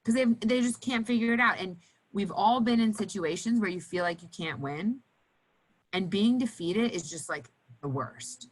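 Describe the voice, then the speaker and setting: Woman, occupational therapist, educational talk, animated, mid pitch. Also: normal speed, poor audio. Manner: animated, acts out cheerful voices for children. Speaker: occupational therapist teaching nurses.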